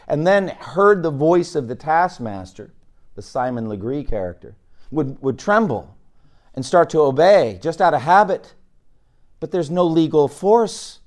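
Male preacher, middle-aged, animated sermon, swings between loud emphasis and low quiet lines. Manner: animated, varied delivery, rising loud for emphasis and dropping low.

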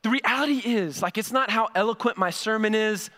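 A man's voice: sits high, brisk, pushed and bright. A middle-aged man preaching a sermon as pastor in a church, talking in a conversational way and often repeating words as he builds a point. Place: church sanctuary. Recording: long reverb of a church hall.

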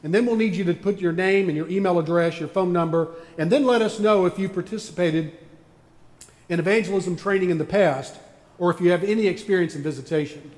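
A man's voice: sits high, a little fast, a little mellow, long reverb tail. A man preaching a sermon as pastor, folksy and joking as he tells stories to his congregation. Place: church sanctuary.

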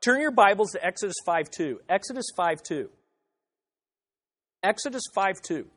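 A man's voice: high voice, lively intonation, normal speed, fairly bright tone. A man preaching an expository sermon, emphatic, repeating phrases and acting out the objections he quotes. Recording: reverberant hall.

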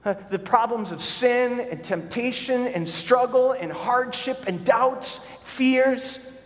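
A man's voice: extremely high pitch, slow, fairly bright tone. A middle-aged man preaching a sermon as pastor, earnest and often repeating words as he starts sentences. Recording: long hall reverb.

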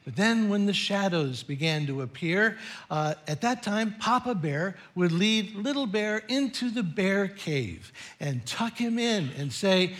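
A man's voice: high-pitched, animated, slow pace. A middle-aged man preaching a sermon as pastor, telling a story in a playful way.

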